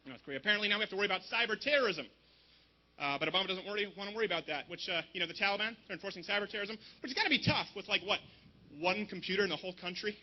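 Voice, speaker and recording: A man's voice: high voice, very fast, lo-fi sound. A man raised in Canada doing a stand-up comedy set at an outdoor rally, with punchy delivery and mocking asides.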